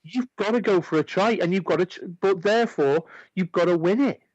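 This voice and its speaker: A man's voice: high voice, a little fast, darkish tone, dry recording, muffled recording. A man co-hosting a sports radio show, earnestly arguing his point with many stammering restarts. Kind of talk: casual sports chat. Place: radio studio.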